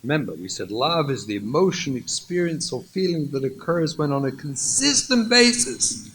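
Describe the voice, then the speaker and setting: A man's voice: on the high side, sing-song, normal speed, a bit bright, low-quality recording. A man, a rabbi, giving a lecture on marriage, animatedly repeating his key points and acting out little scenes. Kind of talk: lecture with acted stories.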